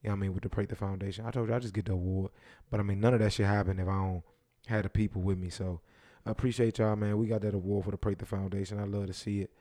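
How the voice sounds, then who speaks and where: A man's voice: lowish voice, little pitch movement, rapid-fire, dark tone, no room sound, studio quality. A man co-hosting a podcast, laid-back and profane, often saying "you know what I mean". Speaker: podcast co-host. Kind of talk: casual chat.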